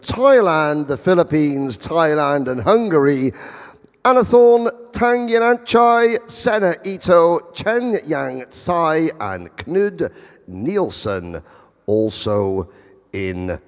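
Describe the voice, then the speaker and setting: A man's voice: on the high side, sing-song, takes it slowly. A man giving live motorsport commentary, chatty with wry asides. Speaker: race commentator. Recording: long hall reverb.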